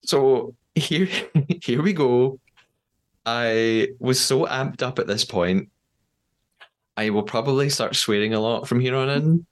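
A man's voice: mid-range voice, slow pace. A man with an English accent hosting a podcast, animatedly retelling events and acting out quotes. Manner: animated storytelling, acts out quotes. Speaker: podcast host. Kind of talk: casual recap chat.

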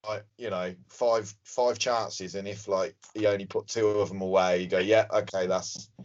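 A man's voice: on the low side, fairly even intonation, moderate pace. Man, casual football podcast, joking storyteller, muffled lo-fi audio. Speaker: podcast co-host. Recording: dull lo-fi recording.

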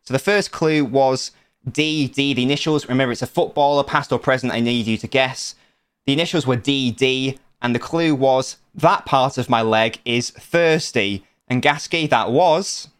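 A man's voice: mid-range voice, normal speed, a bit bright, clear, resonant tone. A young man hosting a podcast quiz segment in a casual, playful, teasing way, often laughing. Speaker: podcast host running a quiz.

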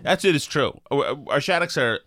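A man's voice: fairly high pitch, animated, normal speed, a bit bright, a little hiss or hum. A man in his fifties hosting a podcast, joking and rambling in casual chat. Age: 50s. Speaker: podcast host.

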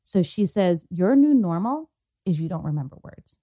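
A woman's voice: fairly low pitch, sing-song, normal speed, dark tone. A young adult woman co-hosting a podcast, telling a personal story in casual chat, quoting others with lots of fillers. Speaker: podcast co-host.

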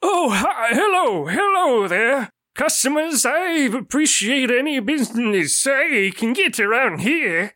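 A man voicing a forgetful, jittery old male shopkeeper who stammers in a high, quavering voice. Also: sing-song, slow pace, sharp tone, dry recording, clean studio sound, exaggerated voice. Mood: cheerful.

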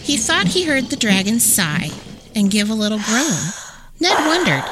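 Slow, expressive storytelling woman. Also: fairly high pitch, heavy background noise. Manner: rhyming, expressive, sing-song. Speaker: podcast host. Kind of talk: storybook read-aloud.

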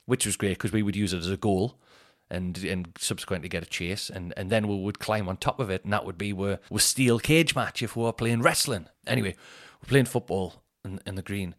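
Rambling and frequently restarting, a thirtysomething comedian and podcaster with a Northeast English accent tells casual stories; he's from Northeast England. He speaks fairly quickly in a fairly low, fairly bright voice.

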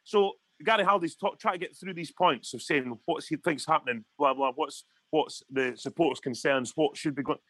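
A man's voice: fairly high pitch, fairly quick, few pauses, a bit bright, no room sound. A Scottish man ranting heatedly in a casual podcast chat, swearing often. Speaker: podcast co-host.

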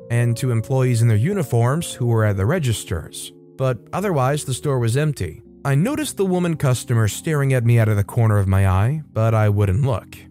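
Man reading stories playfully over soft guitar. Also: medium pitch. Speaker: story narrator and show host. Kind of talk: reading online stories aloud.

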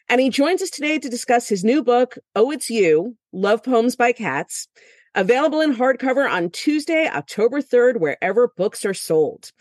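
A middle-aged woman from Miami hosting a podcast interview, chatty and quick to laugh at herself. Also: on the high side, dry recording, studio quality. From Miami, Florida. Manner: chatty, laughs often, self-deprecating. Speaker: podcast host.

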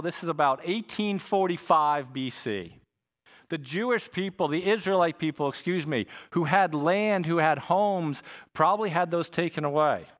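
A man's voice: a little high, fairly bright tone. A man preaching a sermon in a casual, conversational way, full of slang and asides. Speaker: pastor.

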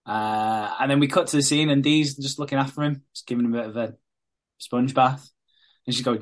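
A man's voice: mid-range voice, fairly quick. Brief: male co-host, casual sweary recap chat. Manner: sweary, laughing, acts out quotes.

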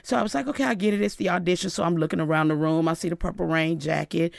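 Fast, gravelly woman telling a story. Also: no echo, clean studio sound. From Inglewood, California. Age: middle-aged. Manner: lively, acts out quoted dialogue with big pitch jumps. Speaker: guest, celebrity hairstylist. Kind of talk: animated storytelling interview. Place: radio studio.

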